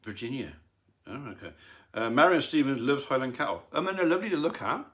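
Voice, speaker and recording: A man's voice: medium pitch, sing-song, fast, fairly bright tone. A middle-aged man, a farmer, chatting on a live stream from his lounge at home, with rambling, dry teasing humour. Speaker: farmer and channel host. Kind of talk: casual live-stream chat.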